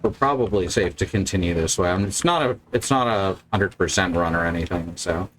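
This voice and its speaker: A man's voice: low-pitched, fairly quick, fairly bright tone, slight background noise. A young man chatting casually and swearing now and then while playing a video game with a friend. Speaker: game commentator. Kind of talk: casual let's-play chat.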